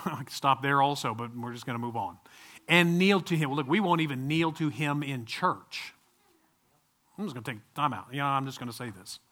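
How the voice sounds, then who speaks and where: Bright-voiced man preaching conversationally. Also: a little high. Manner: conversational, animated, with asides and laughs. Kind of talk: sermon.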